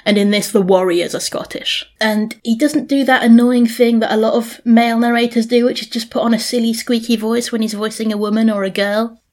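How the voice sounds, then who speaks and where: A woman's voice: fairly high pitch, fairly even intonation, a little fast, a little mellow. A woman from Britain talks books on a podcast in a loose, easy way. She laughs often and fills her sentences with "like". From United Kingdom. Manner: chatty, laughs often, says "like" a lot. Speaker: podcast co-host. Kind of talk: casual chat.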